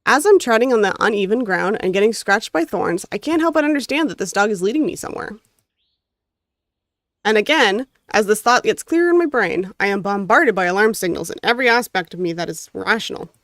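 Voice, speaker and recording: In clean studio sound with no echo, this North American woman reads a visual novel aloud on stream, her mid-range voice expressive, a little fast, and fairly bright. She pauses the story every so often for casual chat with her viewers.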